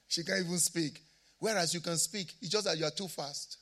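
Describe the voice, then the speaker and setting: A man with an African accent, a pastor preaching a sermon, moving between quiet asides and shouted declarations. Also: fairly high pitch, fairly quick, vocal fry.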